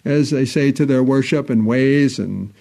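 In a creaky, dark voice, a man preaches a sermon in church as its pastor. He's earnest, building volume on key phrases and dropping low and slow at solemn points.

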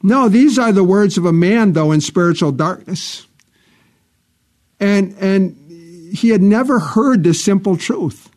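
A man delivering a sermon in a slightly higher-than-usual voice, earnest and deliberate. He reads scripture in old King James wording and drives his points home with emphatic repetition. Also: expressive, a little mellow. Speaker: preacher.

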